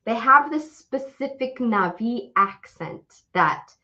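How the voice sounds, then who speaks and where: A young adult woman co-hosting a podcast in casual chat, animated and swearing often as she rants. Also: on the high side, slow pace. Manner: animated, swears often, laughs while ranting. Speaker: podcast co-host. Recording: dull lo-fi audio.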